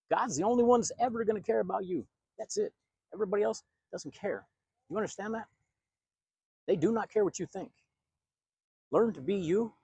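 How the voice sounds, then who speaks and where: A man's voice: a little high, darkish tone, slightly rough, dry recording. A man who works as a pastor and video host, from the United States, preaching in a blunt, emphatic and confrontational monologue.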